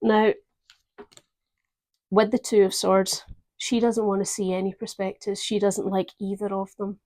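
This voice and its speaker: Soft-spoken woman reading tarot. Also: mid-range voice, little pitch movement. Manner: gentle, reflective, with pauses and fillers. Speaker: tarot reader.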